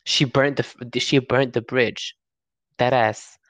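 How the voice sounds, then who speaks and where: A man's voice: mid-range voice, flat delivery, a little slow, fairly bright tone, no room sound. A man co-hosting a casual gossip commentary, chatty and profane with sassy slang.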